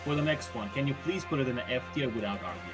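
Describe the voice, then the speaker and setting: Lively, laughing Croatian stream guest. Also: medium pitch, quick pace, music in the background. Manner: animated, swearing, laughs a lot. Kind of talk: casual chat.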